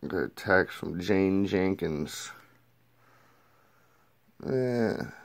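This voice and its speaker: A man's voice: deep voice, a little slow, a little mellow. A man reviewing a movie in a casual, crude play-by-play recap. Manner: loose, crude, retells scenes in a play-by-play.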